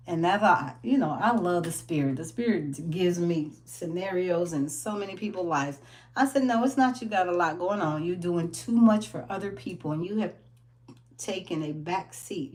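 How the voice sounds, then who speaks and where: A woman speaks in an animated, laughing way as she gives a casual wellness pep talk. She acts out her stories with plenty of energy, and her voice sits at a middle pitch. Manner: animated storytelling, laughs often, acts out quotes. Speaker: wellness business owner.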